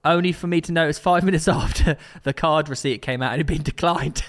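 A man's voice: on the high side, fairly quick. A man co-hosting a casual football podcast, reading out listener stories and running a quiz. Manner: reads listener stories and runs a quiz, laughing often. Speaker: podcast co-host.

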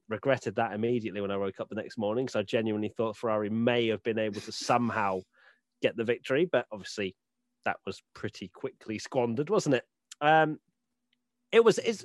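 A man's voice: lowish voice, dry recording. Joking man hosting a podcast. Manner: chatty, joking, reads out fan votes. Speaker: podcast host. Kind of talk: casual chat.

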